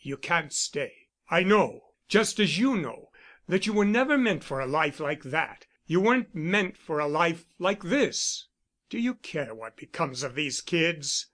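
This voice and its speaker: A man's voice: on the high side, sing-song, a little slow, fairly bright tone, full character voice. A man reading the part of a persuasive, insistent suitor who speaks with urgent, coaxing force.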